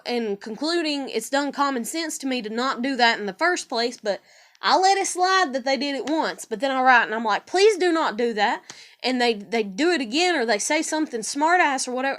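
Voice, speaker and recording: High-voiced woman ranting, swearing freely. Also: fairly bright tone. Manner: irritated, profane, retells conversations in quoted voices. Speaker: vlogger. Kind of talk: casual rant to camera.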